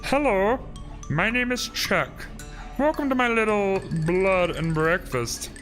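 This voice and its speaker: A creepy, cheerfully sinister innkeeper with a heavy lisp and strangely stressed words, as a man puts him on while reading a game aloud. The voice sits well up high, over faint game music. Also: expressive, slow pace, a bit bright, heavily acted. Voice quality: exaggerated lisp. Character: creepy lisping male innkeeper, butcher family.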